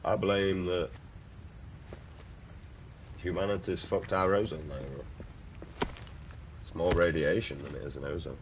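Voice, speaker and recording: A young British man with a very deep voice, swearing and ranting casually while chatting to viewers on a stream. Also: fairly even intonation, unhurried, pauses often, background noise. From United Kingdom. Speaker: gaming streamer. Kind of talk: casual livestream chat.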